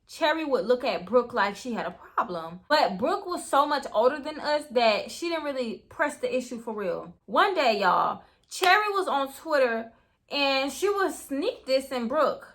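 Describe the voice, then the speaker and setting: A young woman telling a story in a casual, animated way. She swears freely and keeps talking straight to her viewers. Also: high-pitched, unhurried. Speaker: storytime vlogger.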